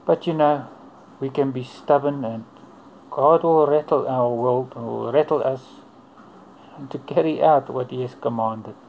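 A churchgoer shares his personal faith testimony earnestly and unhurriedly, his middle-pitched voice breaking into short phrases separated by pauses. The voice is creaky. The audio sounds narrow and tinny, with a faint hiss beneath it.

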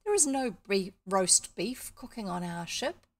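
A woman voicing a kindly, excitable man who doctors animals, sounding startled and fussing in a storybook reading. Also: medium pitch, measured pace, vocal fry. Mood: puzzled.

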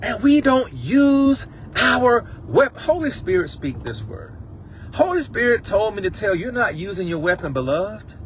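Impassioned high-voiced preacher. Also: male voice, sing-song, measured pace, a little hiss or hum. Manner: impassioned, emotional preaching with singing and repetition. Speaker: pastor. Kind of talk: sermon. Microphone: livestream phone mic.

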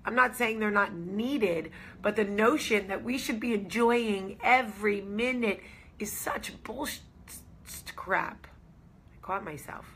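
A woman's voice: medium pitch, slow, fairly bright tone, slight background noise. A woman hosting a casual talk to camera, speaking in an earnest, reassuring way and repeating key phrases for emphasis. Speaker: host.

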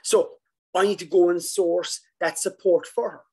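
Animated man presenting a coaching webinar. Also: sits high, unhurried, breathy edge, poor audio. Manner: animated, acts out worried inner thoughts. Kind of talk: casual webinar talk.

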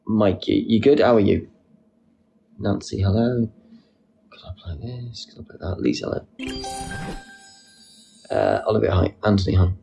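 A young man hosting a casual live stream, reading out comments with a playful, silly manner and sudden squeaky jokes. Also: fairly even intonation, moderate pace, creaky, pauses often, warm tone, faint music behind. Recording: faint background noise.

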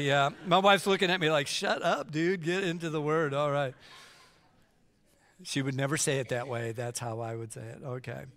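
A middle-aged man preaching a sermon as pastor, joking and acting out whiny kids between Bible readings. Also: mid-range voice. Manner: jokey, animated, acts out kids whining. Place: church sanctuary. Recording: long church hall reverb.

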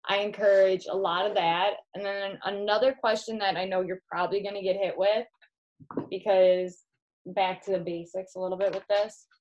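A chatty woman with a Midwestern American accent walks a new recruit through products at home. She talks casually while handling items, with an everyday mid pitch. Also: flat delivery, normal speed, darkish tone, highs cut off. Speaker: direct sales consultant. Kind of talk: casual home video demo.

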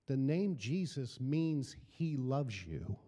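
A man's voice: medium pitch, big pitch swings, takes it slowly, warm tone, long reverb tail. A middle-aged man preaching a sermon as pastor, building emphasis through repeated phrases. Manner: preaching with rising emphasis and repetition.

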